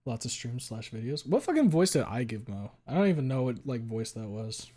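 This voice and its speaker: A man streaming live, chatting casually with his viewers. He swears often, fills his talk with "like", and gets loud and high when something amuses him. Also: big pitch swings, brisk.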